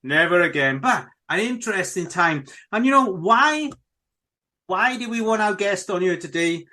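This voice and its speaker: A man's voice: high voice, lively intonation, a little slow, sharp tone. A middle-aged man hosting a podcast, talking casually and enthusiastically to his listeners, rambling and repeating himself. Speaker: podcast host.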